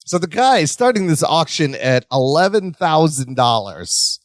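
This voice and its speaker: A man's voice: fairly high pitch, moderate pace, no echo, clean studio sound. A man in his forties co-hosting a podcast, joking and acting out lines as he recaps a sitcom episode. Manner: animated, jokey, acts out quotes. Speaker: podcast co-host.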